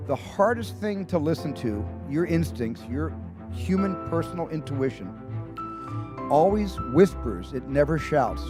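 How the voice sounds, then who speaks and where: A man, a film director, talking thoughtfully in an interview with stammering restarts. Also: a little high. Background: music.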